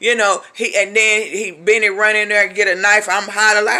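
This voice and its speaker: A woman's voice: medium pitch, steady tone, a little fast, few pauses, pushed and bright. Emphatic woman giving her testimony. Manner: emphatic, addresses listeners as honey; colloquial storytelling that acts out voices. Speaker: ministry speaker giving testimony. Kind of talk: personal testimony talk.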